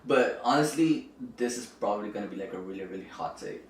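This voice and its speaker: A young Filipino man, a guest on a podcast, chats casually and playfully in a lowish, expressive voice, talking fast and using lots of "like"s and hedges. He's picked up by a distant camera mic rather than the podcast mic, so the audio is roomy with slight background noise.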